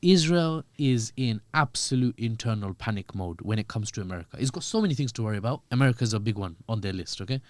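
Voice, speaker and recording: A man, a podcast guest giving lively, joking political commentary. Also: lowish voice, fast talker, few pauses, no echo. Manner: animated, joking, acts out quoted voices.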